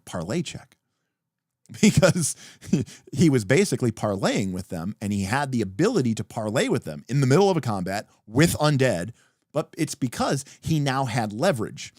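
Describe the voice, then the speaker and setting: A man hosts a livestream and explains game rules with real emphasis, his pitch swinging widely as he talks. His voice sits at an ordinary middle pitch. The recording is close and dry, with no room sound. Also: no room sound. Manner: animated, emphatic explaining with profanity. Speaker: podcast host. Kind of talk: livestream talk about tabletop games.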